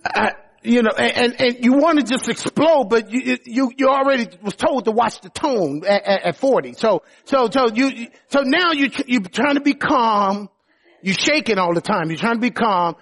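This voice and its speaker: A male pastor preaching a sermon, animated, often restarting words, rising to shouts when worked up. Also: very high-pitched, normal speed.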